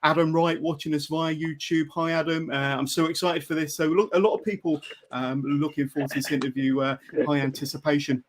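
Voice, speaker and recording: A man's voice: a little high, level tone, brisk, hardly any pauses. A man hosting a live interview podcast, asking questions with frequent "uh" and "um" hesitations. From United Kingdom. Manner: hesitant, many "uh" and "um" fillers. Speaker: podcast host.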